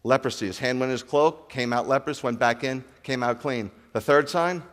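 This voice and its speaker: A man preaching a sermon as a rabbi, animated, acting out dialogue and asking his congregation questions. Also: medium pitch, normal speed, long reverb tail. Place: congregation hall.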